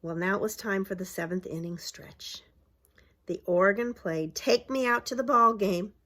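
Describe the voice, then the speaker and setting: This is a children's story-time read-aloud by a middle-aged woman who runs a preschool, her voice mid-range and her speed normal. Showing the picture book's pages, she points at images and asks the children questions, using a bright, exaggerated voice for the cheering lines.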